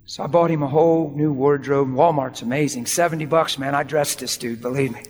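Animated high-voiced male preacher in a hall. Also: normal speed. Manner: animated preacher acting out quoted voices, laughing often. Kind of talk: sermon storytelling. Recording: long reverb with faint music.

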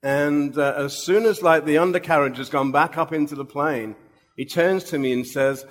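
High-voiced male preacher, reverberant hall. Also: normal speed. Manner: humorous, self-mocking anecdotes. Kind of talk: storytelling sermon.

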